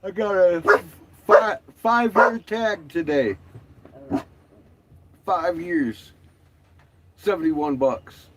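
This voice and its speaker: A man's voice: sits high, drawn-out words, pauses often, background noise. A man chatting casually in a vlog, laughing often and swearing freely. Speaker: vlogger. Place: out and about, doing laundry.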